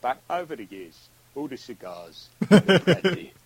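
A man doing an impression of an aging English man with a gravelly voice from the back of his throat, drawling slowly. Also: mid-range voice, very animated, a little mellow.

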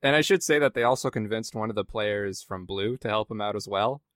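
A man's voice: lowish voice, fairly quick, a bit bright, no echo. A man in a casual podcast chat, chiming in with extra details. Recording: dry, close sound.

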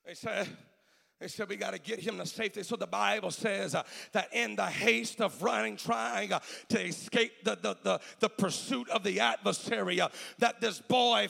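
High, gravelly whooping preacher. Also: male voice, big-room sound. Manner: whooping, sing-song preaching with shouted peaks; fills pauses with "uh". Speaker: pastor. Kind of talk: sermon.

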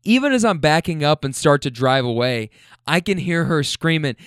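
A man's voice: fairly high pitch, lively intonation, normal speed, a bit bright, smooth, no echo, studio quality. A man telling a casual story about a couple he drove, loose, chatty and profane.

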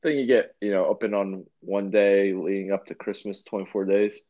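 A man's voice: lowish voice, fairly even intonation, normal speed, muffled recording. A man co-hosting a podcast in casual chat, rambling and laid-back with lots of fillers and restarts. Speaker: podcast co-host.

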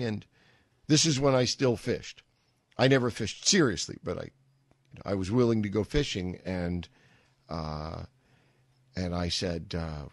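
Slow, wry male radio host. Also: lowish voice, no room sound, clean studio sound. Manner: rambling, wry storytelling. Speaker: radio talk show host. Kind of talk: talk radio monologue. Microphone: studio microphone.

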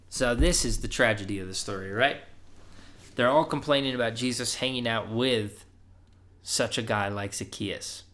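A man's voice: medium pitch, moderate pace, fairly bright tone. Young man preaching on a podcast, casual and conversational, gets emphatic when urging. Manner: conversational, often asks "right?", rises emphatically when urging.

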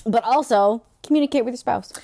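A woman with a fairly high voice recaps a book in relaxed podcast chat. She mocks the plot, swears now and then, and tosses in silly asides. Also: brisk, gravelly, slight background noise. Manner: joking, mocking, swears, playful asides. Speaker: podcast co-host.

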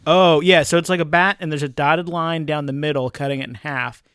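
A man's voice: fairly high pitch, fairly even intonation, a little fast, a bit bright, clean tone, no echo. A man guesting on a casual beer podcast in a studio, talking candidly and swearing freely. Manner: candid, swears, explains at length. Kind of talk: casual beer-tasting chat. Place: recording studio.

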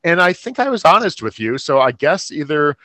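Middle-aged male co-host, slightly high voice, wry and chatty, dry close mic. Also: sing-song, brisk, sharp tone, dry recording. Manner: chatty, wry, acts out reactions. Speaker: podcast co-host. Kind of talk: casual chat.

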